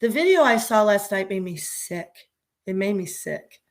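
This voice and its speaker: A woman's voice: mid-range voice, expressive, normal speed. A middle-aged woman hosting a casual livestream, impassioned and often repeating herself, her stream sometimes choppy. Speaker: livestream host. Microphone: internet stream with choppy audio.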